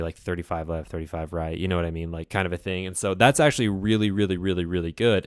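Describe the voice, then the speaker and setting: A man's voice: low-pitched, clean tone, no echo, studio quality. A man hosting a casual interview, eager and explaining at length, stacking words for emphasis. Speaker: host.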